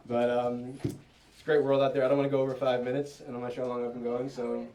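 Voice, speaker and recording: A man's voice: medium pitch, level tone, fast, dark tone, far from the mic. A man doing amateur stand-up, telling personal stories with lots of fillers and a self-deprecating tone. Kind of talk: stand-up storytelling. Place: restaurant event space with live audience. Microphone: handheld mic.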